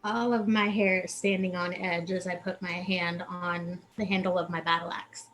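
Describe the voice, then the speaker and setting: A woman playing a tabletop game on a live stream, calm and deliberate. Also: on the low side. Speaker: player.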